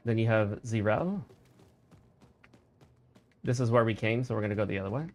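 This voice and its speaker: A man's voice: lowish voice, normal speed. Chatty male game streamer. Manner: chatty, opinionated, explains while playing. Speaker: gaming streamer. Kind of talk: casual let's-play commentary.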